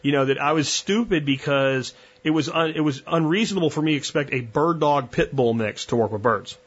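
A man's voice: a little high, a little fast, breathy edge, muffled recording. Blunt conversational male podcast host. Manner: blunt, conversational, with frequent restarts. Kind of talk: casual monologue.

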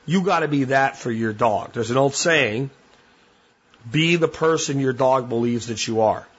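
Blunt husky-voiced man. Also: medium pitch, a little slow, lo-fi sound. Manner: blunt, plain-spoken. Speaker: podcast host. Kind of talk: casual monologue.

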